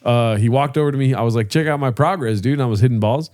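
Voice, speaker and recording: A man's voice: mid-range voice, fast talker, a little mellow. Casual man telling golf stories. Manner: loose, profane, acts out voices in his stories. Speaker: podcast co-host. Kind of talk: casual storytelling chat.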